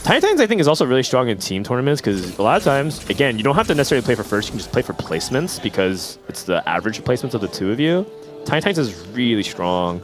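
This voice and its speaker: A man casting a live esports match, chatty and quick with asides. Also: medium pitch, very animated, over music. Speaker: esports caster. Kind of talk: casual live esports commentary.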